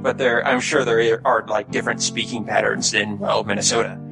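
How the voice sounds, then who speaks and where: A man's voice: fairly low pitch, steady tone, a little fast, vocal fry, music in the background. A man from Texas hosting a casual podcast chat in an upbeat way, with fillers and laughs. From Houston, Texas. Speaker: podcast host.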